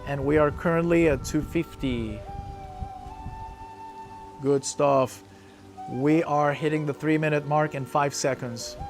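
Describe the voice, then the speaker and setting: A man's voice: on the high side, fairly even intonation, takes it slowly, long pauses, faint music behind. A man coaching a breath-hold session, encouraging the group and calling out hold times.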